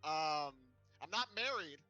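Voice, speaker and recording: A man playing a goofy character in a tabletop game, cracking deadpan jokes. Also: a little high, unhurried, lo-fi sound, soft background music. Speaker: player. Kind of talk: in-character tabletop role-play.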